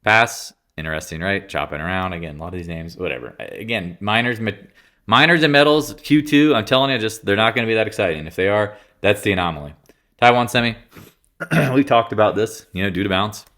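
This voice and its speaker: Congested, low-voiced man rambling about markets. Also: brisk, fairly bright tone. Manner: rambling, self-interrupting, blunt and offhand. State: congested, clearing throat. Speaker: market commentator. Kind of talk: casual market commentary.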